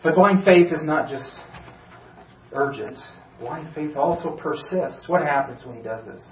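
A man's voice: on the high side, a little slow, reverberant, a little hiss or hum. Male pastor, earnest sermon, urgent rhetorical questions, distant from the mic, slightly muffled church recording. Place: church sanctuary.

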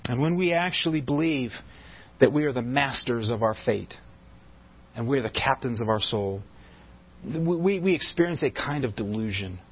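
A man's voice: mid-range voice, expressive, moderate pace, breathy edge, highs cut off. A pastor preaching a sermon, emphatic and often restarting and repeating his words mid-sentence.

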